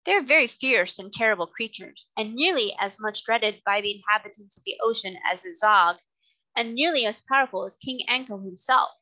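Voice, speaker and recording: Woman reading as a gentle sea fairy queen. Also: medium pitch, natural voice, rough recording. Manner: gentle and measured.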